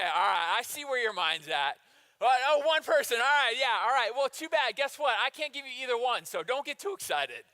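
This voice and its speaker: A man preaching a sermon, joking with the congregation and acting out the people in the story. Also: sits high. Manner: lively, jokey preacher who acts out the people in the story. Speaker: pastor. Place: church hall. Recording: long church-hall reverb.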